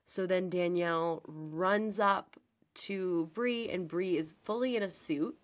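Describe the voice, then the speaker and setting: A young woman in casual chat, retelling scenes with lively quoted voices. Her voice sits a bit low for a woman. She talks with animated, chatty energy. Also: measured pace. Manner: animated storyteller, acts out quotes. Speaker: podcast co-host. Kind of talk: casual chat recapping a TV episode.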